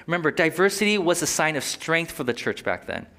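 A man preaching a sermon in a relaxed, conversational way, with quick asides and short laughs. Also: on the high side. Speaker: pastor.

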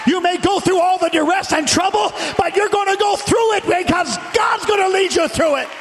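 A male pastor preaching a sermon in a shouting, rhythmic cadence, with music and a congregation behind him. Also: very high voice, normal speed, crowd noise, noisy background. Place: church sanctuary. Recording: church hall reverb with music and congregation.

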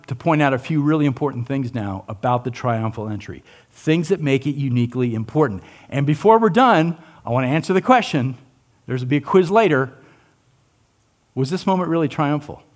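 A man preaching a sermon in a fairly high voice whose pitch swings widely. He questions his listeners, plays out quoted lines, and sinks low and quiet on his weightiest points. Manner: animated, asks the listeners questions, acts out quotes; drops low and soft on key lines. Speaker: pastor.

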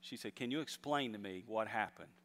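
A man's voice: fairly low pitch, brisk, fairly bright tone. Man preaching in a reverberant hall. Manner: storytelling, rising to emphatic exhortation. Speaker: pastor. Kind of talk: sermon.

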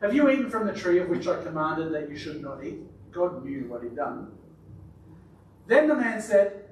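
A man's voice: high-pitched, sing-song, fairly quick, slight background noise. A man preaching a chatty, joking sermon in church, drawing responses from the congregation. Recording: echoey church from far off.

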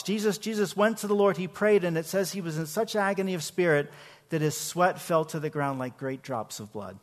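A pastor with a high-pitched, somewhat raised voice preaches fairly quickly in a church sanctuary, with long hall reverb trailing each word. Keeping a conversational tone, he often repeats a phrase's first word and asks his congregation questions.

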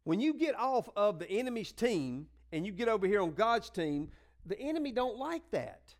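High-voiced man preaching a folksy sermon. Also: very animated, normal speed. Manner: folksy, conversational preaching, rising to fervent exhortation; acts out quoted voices in dialogue. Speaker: pastor.

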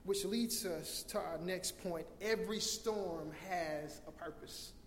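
A man's voice: sits high, slow pace, slight background noise. A man preaching a sermon as pastor, impassioned, often repeating and restarting his words. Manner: impassioned preaching, acts out scenes in loud cries. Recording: echoey hall with long reverb.

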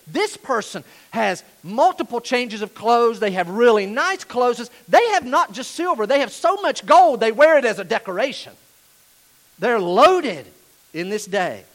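Animated high-voiced male preacher. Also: unhurried. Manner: animated, rises to shouting. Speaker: pastor. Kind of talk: sermon.

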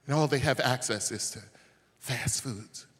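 A male pastor preaching a sermon, telling stories and rising to shouts at the peaks. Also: mid-range voice, unhurried, breathy edge. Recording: long hall reverb.

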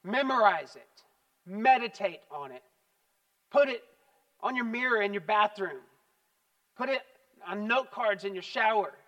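A man delivers a sermon in a high, bright tone. He tells stories with animated emphasis and repeats his points. The voice is picked up from some distance away. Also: unhurried, long pauses. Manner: animated storytelling, emphatic repetition. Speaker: pastor.

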